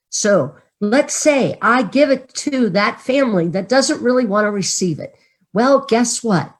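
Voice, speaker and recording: A woman minister delivering a sermon, earnestly leading her congregation in affirmations. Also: mid-range voice. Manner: warm, earnest preaching, leads congregation in affirmations.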